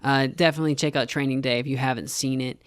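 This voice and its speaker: A woman's voice: very deep voice, fairly even intonation, fast, clean tone, no room sound, studio quality. A woman hosting a casual chat show, rambling with lots of fillers and casual swearing. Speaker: host.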